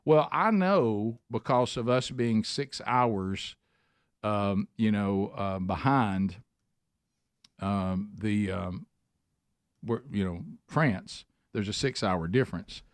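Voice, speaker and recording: A man hosting a casual radio talk show from a studio, halting with many fillers and restarts. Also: on the low side, no echo. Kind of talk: casual morning radio chat. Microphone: studio microphone.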